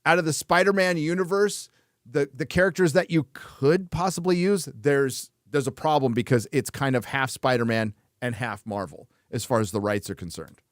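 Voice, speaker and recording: A man's voice: medium pitch, normal speed, dry recording, clean studio sound. Blunt, swearing man hosting a chat show. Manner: blunt, swears often, laughs between remarks. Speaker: host. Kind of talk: casual chat on a live show.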